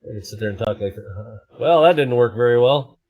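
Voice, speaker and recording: A man hosting a casual live stream at his desk, with a middle-pitched voice. He rambles from one thing to the next and cracks self-deprecating jokes. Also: fairly quick, phone-quality sound.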